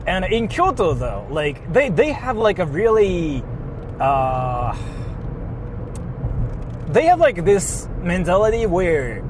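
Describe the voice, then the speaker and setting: A man telling a story in a casual vlog, animated and full of filler words. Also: sits high, takes it slowly, long pauses, background noise. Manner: animated, heavy use of filler "like", laughs often. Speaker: vlogger. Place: inside a car.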